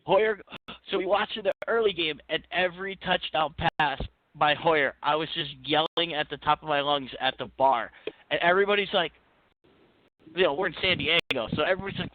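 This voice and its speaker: A man on a podcast, casually telling a lively story with lots of restarts. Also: on the high side, a little fast, slight background noise. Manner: animated anecdote-telling with many restarts. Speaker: podcast co-host. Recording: tinny phone-like line, dry.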